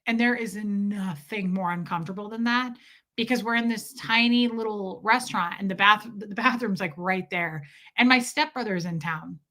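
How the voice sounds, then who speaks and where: A woman's voice: mid-range voice, moderate pace, fairly bright tone. A woman from the United States hosting a casual livestream, chatting animatedly with many fillers and reading viewer comments aloud. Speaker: livestream host.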